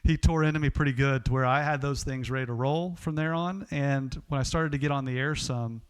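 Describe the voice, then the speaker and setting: A man with an Oklahoma accent, a podcast host telling stories in a casual, animated way. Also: mid-range voice, brisk, clean tone. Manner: animated, lively storyteller with laughs and restarts.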